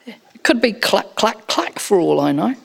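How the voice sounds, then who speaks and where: A woman's voice: mid-range voice, sing-song, unhurried, gravelly, full character voice. Woman voicing an easygoing young man. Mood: wry.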